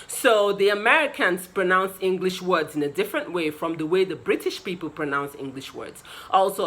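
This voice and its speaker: Bright-voiced Nigerian woman teaching English. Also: mid-range voice, low-quality recording. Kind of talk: direct-to-camera lesson.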